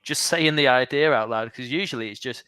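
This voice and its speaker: Smooth-voiced comedian telling anecdotes. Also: male voice, medium pitch, brisk, bright, forceful tone, dry recording. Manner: laughs easily, acts out quoted lines. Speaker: comedian and guest. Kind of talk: casual chat, telling anecdotes.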